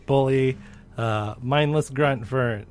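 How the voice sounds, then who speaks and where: A man's voice: mid-range voice, takes it slowly, smooth. A young man co-hosting a podcast, talking casually with many fillers and restarts. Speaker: podcast co-host. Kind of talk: casual chat. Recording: faint music underneath.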